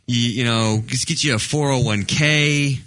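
Bright-voiced halting male co-host. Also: medium pitch, no echo. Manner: halting, restarts sentences. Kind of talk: casual radio banter.

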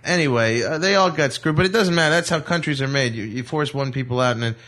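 A man's voice: mid-range voice, quick pace, fairly bright tone. A comedian, a man, telling rambling jokey stories in a casual radio chat. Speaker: comedian guest. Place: radio studio.

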